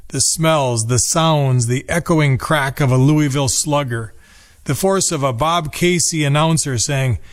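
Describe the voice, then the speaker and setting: A man in his fifties from Minnesota reading a nostalgic personal essay in a measured, reflective way. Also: on the high side. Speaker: narrator. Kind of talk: scripted personal essay narration.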